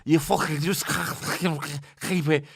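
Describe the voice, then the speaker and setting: A man putting on the voice of a gruff, swearing male baking judge who talks bluntly. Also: a little high, fairly even intonation, unhurried, fairly bright tone, no room sound, pitched above the performer's own voice, heavily acted. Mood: dismissive.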